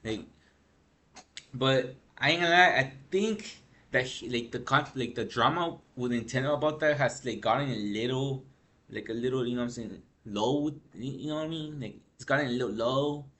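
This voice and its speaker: A man with a medium-pitched, somewhat bright voice speaks at a moderate pace while vlogging gaming news. Tired from lack of sleep, he rambles in slang, saying "bro" and "freaking" often, in a casual ranting way.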